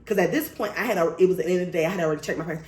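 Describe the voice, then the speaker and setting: A woman vlogger telling a story in casual storytime style, animated, blunt and profane. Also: fairly low pitch, rapid-fire, roomy sound.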